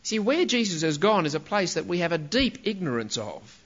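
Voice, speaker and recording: Guy preaching, lively up and down voice, kinda muffled lo-fi sound. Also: sits high, moderate pace. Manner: emphatic, rhetorical questions, stressing key words. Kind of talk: sermon.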